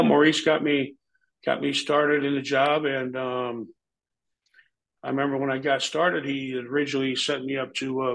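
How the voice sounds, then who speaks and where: Casual, rambling and full of profanity, an ex-pro wrestler in middle age recounts anecdotes for an interview, doing impressions of the people in his stories. His voice is medium-pitched and gravelly, and the recording is rough.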